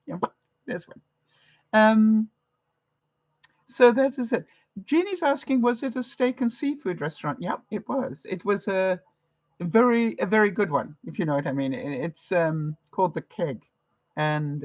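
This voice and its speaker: An older Canadian woman vlogger chats casually with viewers on a livestream, retelling conversations and laughing often. Her mid-range voice is animated and unhurried, with frequent pauses. The audio is poor, though there's no echo.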